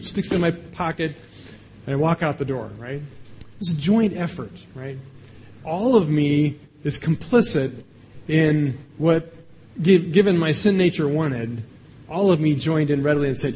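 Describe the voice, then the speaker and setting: Male pastor, conversational sermon, a touch high-pitched, faint background ambience. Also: normal speed, darkish tone, a little hiss or hum. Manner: conversational, asks the audience questions; acts out little voices for illustration.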